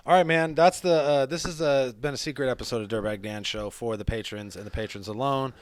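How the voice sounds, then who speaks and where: A man's voice: medium pitch, brisk, no echo. Man, podcast co-host, casual profane chat, rambling with fillers, dry close sound. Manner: loose, rambling, lots of fillers.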